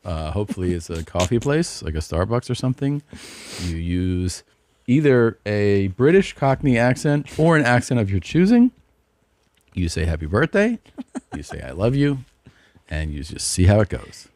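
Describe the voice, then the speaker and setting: A man's voice: lowish voice, sing-song, normal speed, darkish tone, no echo. A man co-hosting a podcast with dry, incredulous commentary and casual chat. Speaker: podcast host.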